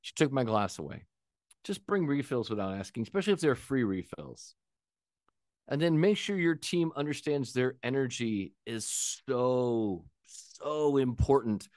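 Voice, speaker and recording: A middle-aged man, a restaurant consultant, giving a blunt, animated business talk full of stories about service. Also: medium pitch, measured pace, dry recording, studio quality.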